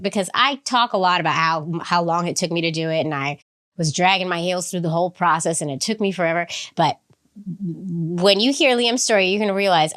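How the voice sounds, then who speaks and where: A woman's voice: mid-range voice, a bit bright. A woman hosting a podcast, chatty and upbeat with frequent laughs, talking through a slight cold. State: has a cold. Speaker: podcast host. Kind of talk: casual podcast intro.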